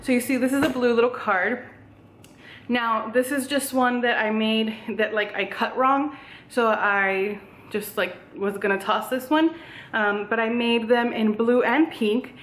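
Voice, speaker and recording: This young woman's voice is fairly high and bright, and she talks a little slowly. Out of breath, she rambles cheerfully through a casual vlog chat at home, filmed on a tripod in an echoey room and peppered with "like" and "um."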